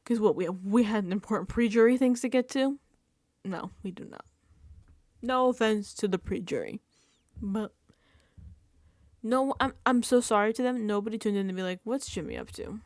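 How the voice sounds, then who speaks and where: A woman hosting a casual reality TV recap vlog, animated and emphatic, dropping into whispered asides and swearing casually. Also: mid-range voice, normal speed, long pauses, no room sound, clean studio sound.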